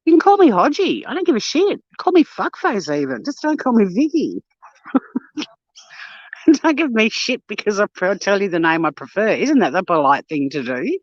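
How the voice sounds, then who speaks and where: A woman's voice: medium pitch, very animated, normal speed, no room sound, highs cut off. An Australian woman chatting casually on a walk for her vlog, blunt and sweary, telling stories with lots of animation. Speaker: vlogger. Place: outdoors on a walk.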